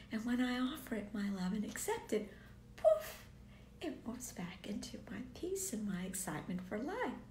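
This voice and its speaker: A woman telling a personal story in an earnest way, often falling to a near whisper and pressing hard on key words. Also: fairly high pitch. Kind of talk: personal story told to viewers. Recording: echoey room, faint background noise.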